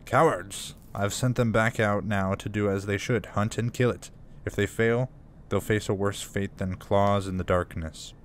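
A man's voice: lowish voice, fairly even intonation, measured pace, slight background noise, close to an everyday voice. A man voicing a stern male French army commander in a put-on French accent, reading the commander's notes aloud in a survival horror game.

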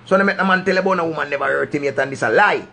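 Husky Jamaican man preaching advice. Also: fairly high pitch, very fast, pushed and bright. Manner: preachy, emphatic, repeats his points. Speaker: vlogger giving life advice. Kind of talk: impassioned monologue to camera.

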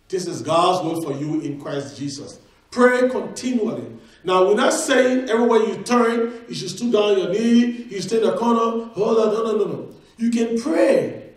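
A man delivers a sermon in a slightly high voice, moving between a chatty tone and sudden acted-out exclamations. He is recorded from a distance in a church sanctuary with heavy, ringing echo. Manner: conversational preaching, acts out quoted exclamations. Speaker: preacher.

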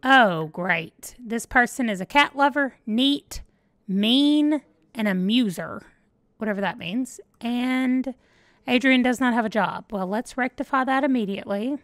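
A woman's voice: fairly high pitch, expressive, unhurried, dry recording. A woman hosting a let's play, chatting casually and thinking aloud as she plays. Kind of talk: casual gameplay commentary.

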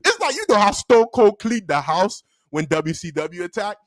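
Young male vlogger, casual slangy storyteller, very expressive pitch, dry close sound. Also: normal speed, dry recording. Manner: animated and slangy, laughs often. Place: indoor room at a desk.

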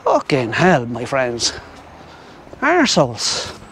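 Rambling Irish vlogger, middle-aged man, pitched a touch high, clip-on mic outdoors with faint traffic behind. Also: moderate pace. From Ireland. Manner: rambling, chatty, talks to the viewers and to animals. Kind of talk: casual walking commentary. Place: outdoors on a riverside path in a city. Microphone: wireless clip-on mic.

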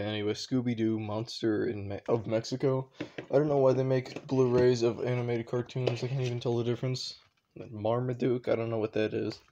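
Young man, casual vlogger, rambling and unsure, mid-pitched, clear hiss and clicks behind. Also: dark tone. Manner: rambling, unsure, lots of shrugging asides. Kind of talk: casual offhand commentary. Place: home room with shelves.

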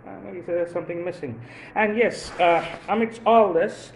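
A man's voice: high voice, normal speed, gravelly, echoey room, slight background noise, low-quality recording. A man from India doing a rambling stand-up comedy monologue, full of fillers and chuckles at his own jokes.

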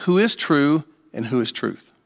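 A man's voice: fairly high pitch, big pitch swings, unhurried, creaky, big-room sound. An older man preaching a casual, playful sermon as pastor, leading call-and-response with his congregation. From USA. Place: church sanctuary.

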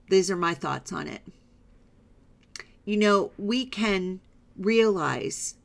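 A woman's voice: lowish voice, gravelly. A woman Bible teacher reading scripture aloud and stopping to explain it, often checking in with "right?" and "okay?". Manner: reads passages aloud, then stops to explain.

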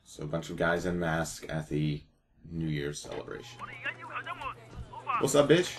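Deep-voiced, laid-back gaming commentator. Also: male voice, flat delivery, normal speed. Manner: laid-back, profane, joking. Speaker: gaming YouTuber. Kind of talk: let's-play commentary. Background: game music.

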